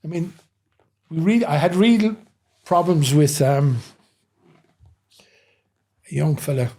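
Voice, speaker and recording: Brief: middle-aged man, ex-doorman guest, dark husky voice, loose rambling storyteller. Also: a little high, expressive, takes it slowly. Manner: rambling anecdotal telling, frequent "you know". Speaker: former nightclub head doorman, guest. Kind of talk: casual interview storytelling.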